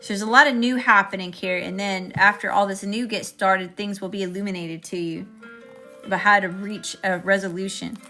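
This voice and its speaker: Bright-voiced woman reading tarot live. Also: mid-range voice, steady tone, normal speed, soft background music. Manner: chatty, greets viewers in the chat between card readings. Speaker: tarot reader.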